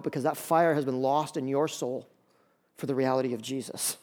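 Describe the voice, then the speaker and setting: A man delivers a sermon in a casual, conversational pastor's voice that sits a little high for a man. He stumbles and repeats phrases as he builds intensity, pressing his point home to the congregation with real urgency. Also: fairly even intonation, quick pace, dark tone. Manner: impassioned, conversational preaching with repetitions.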